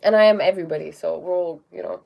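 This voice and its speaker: A woman's voice: fairly low pitch, fast, gravelly, a little mellow. A woman hosting a spiritual livestream in a casual talking style. She often tags her sentences with "okay?" and greets viewers by name between points. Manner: reads viewer comments aloud and greets them.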